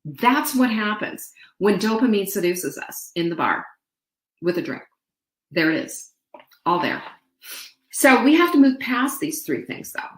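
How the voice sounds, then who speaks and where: A woman's voice: mid-range voice, big pitch swings, measured pace, pauses often, roomy sound. A woman hosting a motivational show, talking in a playful, chatty way to her viewers and dropping into sung snippets and mimicked voices. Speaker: host. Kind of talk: upbeat motivational talk.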